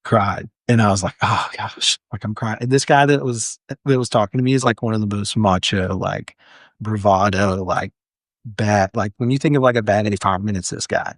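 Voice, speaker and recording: Young adult male, lower register, dry studio sound; earnest interview guest recounting a story. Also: brisk, no room sound. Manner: earnest, frequent "like" fillers and restarts. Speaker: firefighter guest. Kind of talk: candid storytelling in a podcast interview.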